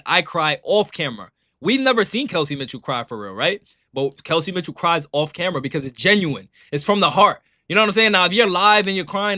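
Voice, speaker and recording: Bright-voiced young man streaming. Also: sits high, dry recording, studio quality. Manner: animated, repetitive, keeps saying "you know what I'm saying". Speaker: streamer reacting to sports clips. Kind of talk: casual live-stream commentary.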